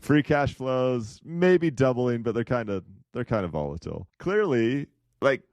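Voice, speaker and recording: A man's voice: medium pitch, lively intonation, unhurried, darkish tone, dry recording, clean studio sound. A man co-hosting a podcast, chatting casually and a little ramblingly about investing, with an occasional chuckle. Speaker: podcast co-host.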